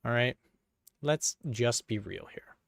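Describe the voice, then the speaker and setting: Gravelly-voiced man chatting through a build. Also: mid-range voice, takes it slowly, dry recording. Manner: playful, jokey, talks to himself and viewers. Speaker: PC hardware video creator. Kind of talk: casual running commentary while working.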